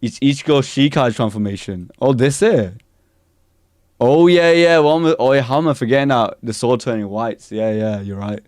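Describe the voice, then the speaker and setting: A man streaming live, reacting to anime news in excited casual chat and answering his chat. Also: mid-range voice, fairly quick, hardly any pauses, no room sound, clean studio sound.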